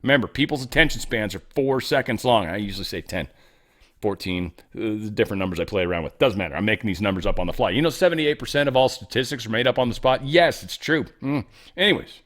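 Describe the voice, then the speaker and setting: A man's voice: on the low side, quick pace, fairly bright tone. A man hosting a casual political commentary show, talking in an irreverent, joking way and swearing freely. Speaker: host.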